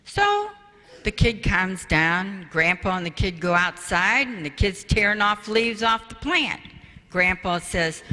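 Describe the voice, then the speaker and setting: A woman's voice: mid-range voice, animated, unhurried, bright, forceful tone, soft background music. An older woman giving a spiritual parenting talk, telling stories and acting out the quoted voices with animation. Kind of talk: storytelling talk to an audience. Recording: reverberant hall.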